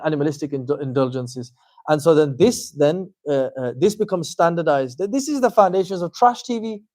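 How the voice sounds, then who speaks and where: A man giving an informal religious lecture as a teacher, animated and conversational, with frequent fillers and wry asides. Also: on the high side, no echo. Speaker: Islamic teacher giving a talk.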